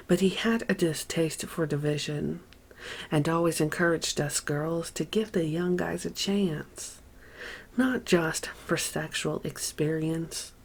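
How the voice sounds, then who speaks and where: A woman reading a memoir aloud as an audiobook narrator, measured and unhurried, with deliberate pauses. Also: deep voice.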